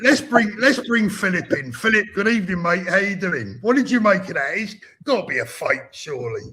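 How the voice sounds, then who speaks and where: A man's voice: high-pitched, animated, brisk, pushed and bright, slight background noise. A man hosting a live stream debate, who cuts in often and keeps calling people mate. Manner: interrupting, calls people mate.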